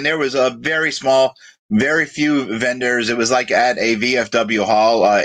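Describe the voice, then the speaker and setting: A man's voice: medium pitch, a bit bright. Rambling man telling a story on a live show. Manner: rambling storyteller, reads viewer comments aloud. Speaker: co-host of a live web show. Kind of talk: casual live-stream chat.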